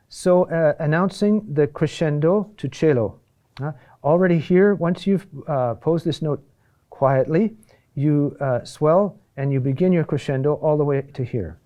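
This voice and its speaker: Monk teaching chant, mellow voice. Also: male voice, fairly high pitch. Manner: explains in short phrases with many "uh"s and asides of "huh?"; sings chant phrases slowly in Latin. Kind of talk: chant lesson.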